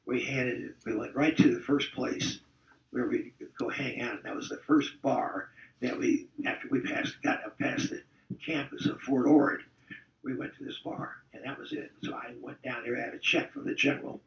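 A man's voice: medium pitch, steady tone, normal speed, gravelly. An older man, a former football player, telling rambling, salty stories in a casual interview. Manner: rambling, salty, chuckling storyteller. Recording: distant, roomy, dull-sounding recording.

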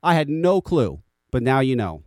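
A man's voice: medium pitch, very animated, moderate pace, no echo, studio quality. An American man hosting a podcast, ranting casually with frequent swearing and repeated words. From United States. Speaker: podcast host.

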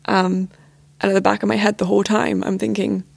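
A woman's voice: medium pitch, level tone, brisk, vocal fry, no room sound. A young woman telling a personal story on a podcast, candid and hesitant, with frequent fillers. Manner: candid, hesitant, lots of "like" and "you know". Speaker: podcast guest.

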